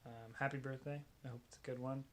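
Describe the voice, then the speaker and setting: A man records a casual birthday message, halting and offhand, pausing often to find his words. A faint hiss of ambient noise sits behind his mid-range voice. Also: mid-range voice, little pitch movement, a bit bright. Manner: halting, casual, many uhs.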